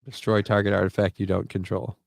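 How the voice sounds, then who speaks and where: A man's voice: lowish voice, level tone, a little fast, gravelly, darkish tone, no echo. A man hosting a casual livestream, loose, profane and jokey, reading chat comments and card text aloud. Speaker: livestream host.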